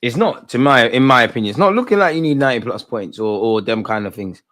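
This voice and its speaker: A man's voice: mid-range voice, lively intonation, fast, fairly bright tone. A young man hosting a live football watch-along, talking in rambling, opinionated banter. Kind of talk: casual live match commentary.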